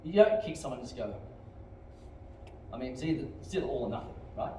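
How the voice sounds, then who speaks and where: A middle-aged man with an Australian accent teaching a martial arts class, explaining techniques and barking sharp commands and kiai shouts. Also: medium pitch, lively intonation, fast talker. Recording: very echoey hall, distant mic, faint room noise.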